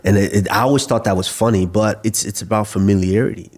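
A man's voice: fairly low pitch, steady tone, quick pace, darkish tone. A man from Nigeria, a guest on a podcast, talking in a thoughtful, easygoing way, often restarting phrases as he thinks. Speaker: guest, fighter. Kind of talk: casual interview chat.

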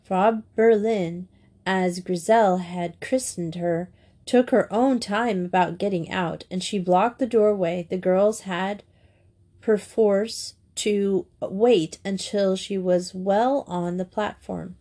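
A woman narrating a classic children's school story in a steady, clear reading voice. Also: mid-range voice, slow pace. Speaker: audiobook reader.

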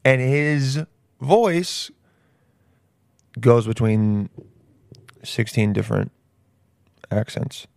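A man riffing in a casual comedic way, excitable and full of slang and swearing. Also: medium pitch, moderate pace, pauses often, dry recording, studio quality.

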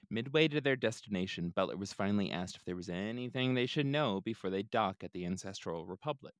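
A man's voice: low voice, dry recording. A man hosting a podcast, retelling a story in a casual, laid-back way with joking asides. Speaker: podcast host.

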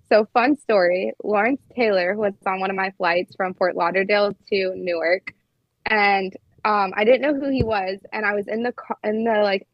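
A flight attendant in her twenties chats casually on a podcast, telling stories packed with "like." Her voice is mid-range, and the recording is dry and dull.

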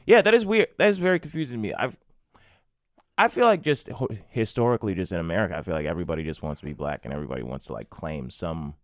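A man's voice: deep voice, animated, quick pace, no room sound, clean studio sound. A man co-hosting a comedy podcast, riffing in a laid-back way and laughing easily. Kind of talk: casual comedic chat.

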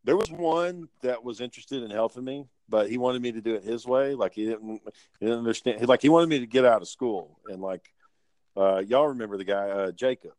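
A man's voice: medium pitch, fairly quick, darkish tone, no room sound. A man telling profane, laid-back work stories in casual chat.

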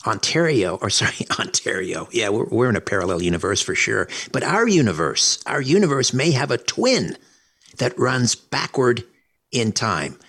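A man's voice: medium pitch, very animated, normal speed, fairly bright tone, slightly rough. A man hosting a talk radio show, conversational and affable as he questions guests and introduces segments.

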